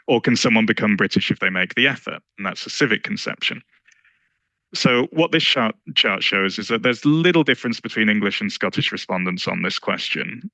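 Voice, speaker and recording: A man walks an audience through research charts in a measured, explanatory way. His low voice has a gravelly edge and a bright, pointed tone. The recording is close and dry, with no room sound. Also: no echo, lo-fi sound. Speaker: lecturer presenting survey research. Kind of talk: academic slide presentation.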